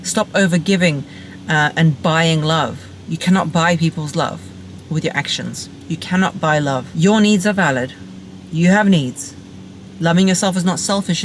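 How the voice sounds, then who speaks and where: A low-voiced woman plays the role of a relationship coach, addressing the camera directly with blunt, emphatic and playful guidance built on punchy, repeated lines. A slight hiss or hum can be heard.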